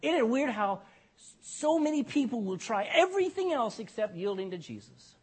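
A man's voice: very high voice, sing-song, normal speed, husky. A man preaching a sermon in an emphatic style, often tagging lines with "amen" and asking the congregation questions. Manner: emphatic, repeats "amen" and "you know". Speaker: pastor.

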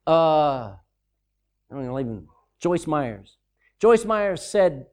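A man preaching a sermon, animated and emphatic, with mocking, sarcastic asides. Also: on the high side, measured pace, long pauses.

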